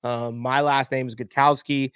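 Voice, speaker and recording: A man's voice: medium pitch, normal speed, clear, resonant tone, no room sound, studio quality. A man, a podcast guest telling a personal story candidly and acting out the other voices. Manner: candid, animated storyteller, acts out quoted voices. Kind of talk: emotional storytelling interview.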